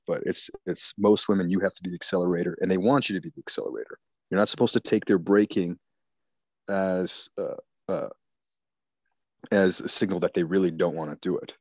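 A man's voice: low voice, a little mellow, no echo. A man talking in a crude, rambling, profane way in casual chat.

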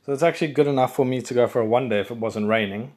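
A man's voice: medium pitch, rapid-fire. A man from South Africa hosting a casual solo podcast, rambling and chatty, correcting himself as he goes. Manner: rambling, chatty, self-correcting, excitable bursts. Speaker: podcast host.

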